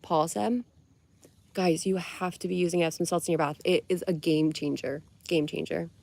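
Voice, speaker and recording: A woman's voice: on the low side, steady tone, moderate pace, creaky, darkish tone. A young woman from Connecticut hosting a casual livestream, chatting and giggling as she answers viewers' comments. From Connecticut, USA. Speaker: livestream host.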